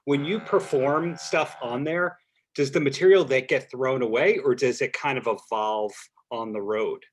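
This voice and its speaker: A man hosting a podcast, asking measured interview questions over a video call. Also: medium pitch. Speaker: podcast host.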